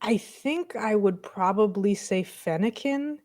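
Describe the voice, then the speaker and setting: A woman's voice: medium pitch, lively intonation, slow, darkish tone. A woman co-hosting a podcast, bantering casually with jokes and the odd swear. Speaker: podcast co-host. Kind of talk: casual chat.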